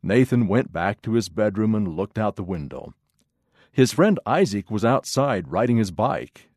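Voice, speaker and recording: A man narrating a children's story in an expressive, measured way. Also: fairly low pitch, no echo, clean studio sound.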